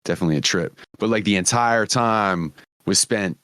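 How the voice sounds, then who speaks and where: A man's voice: fairly low pitch, normal speed, a bit bright, no echo, clean studio sound. A man hosting a podcast, telling stories in casual chat, swearing freely and laughing often. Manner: profane, laughing storyteller. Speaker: podcast host.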